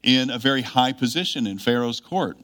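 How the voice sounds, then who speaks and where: A man delivers a sermon in an earnest, measured voice of middle pitch. He leans on key phrases with emphatic rises and reads scripture aloud. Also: animated, fairly bright tone. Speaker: preacher.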